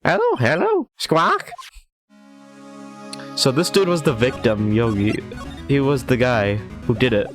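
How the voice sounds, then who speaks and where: A man's voice: mid-range voice, expressive, moderate pace, over music. A man casually commenting while playing a game, joking and saying "dude" a lot. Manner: laid-back, joking, says "dude" a lot. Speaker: streamer. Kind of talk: casual let's-play commentary.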